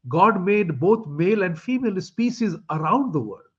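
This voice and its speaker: A man's voice: sits high, very animated, normal speed, a bit bright, breathy edge. A man hosting an interview, making emphatic points and asking rhetorical questions. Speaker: show host. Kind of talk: opinionated interview talk. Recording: dull lo-fi audio.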